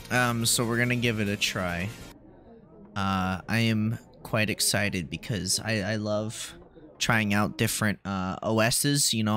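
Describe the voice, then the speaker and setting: Male streamer, casual and hesitant, drawn-out delivery, faint music underneath. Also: on the low side. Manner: rambling, hesitant, full of ums and excited asides. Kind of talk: casual gaming commentary.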